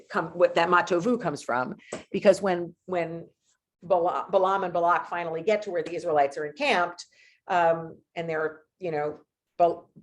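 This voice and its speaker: Woman, lowish voice, informal Torah talk, chatty, restarts often. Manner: conversational, many restarts and asides. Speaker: service leader.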